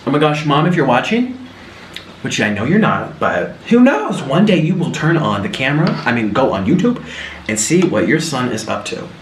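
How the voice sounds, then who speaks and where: Animated young man in a roomy kitchen. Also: medium pitch, normal speed, a little hiss or hum. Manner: animated storytelling with gasps and mimicked voices. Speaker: food vlogger. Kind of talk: chatty cooking vlog. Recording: roomy, slightly distant mic.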